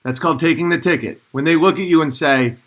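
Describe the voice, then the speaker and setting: A man's voice: on the high side, fast, fairly bright tone. A man giving intense, worked-up commentary in a preachy, ranting way.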